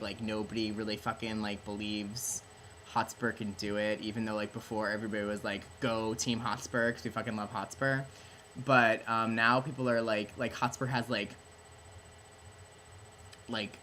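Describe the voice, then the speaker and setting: A man's voice: lowish voice, bright, forceful tone, a little hiss or hum. Tipsy young man, rambling and swearing. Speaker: host. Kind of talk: drunk comedic plot retelling. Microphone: camera at close range.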